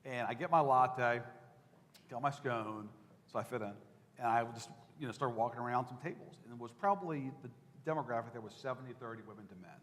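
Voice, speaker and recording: A man's voice: mid-range voice, fairly quick. A man, a political reporter, telling campaign stories to an audience in a conversational, anecdotal way, with fillers and restarts. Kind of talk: talk to an audience. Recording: echoey hall with long reverb.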